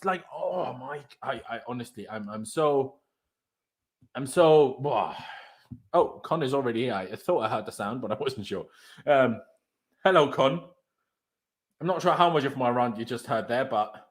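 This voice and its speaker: A man with a notably high voice hosts a live post-match reaction. He rants in exasperation, tripping over his words and swearing freely. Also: a bit bright. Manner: exasperated, stumbling, swearing rant. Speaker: football fan show host.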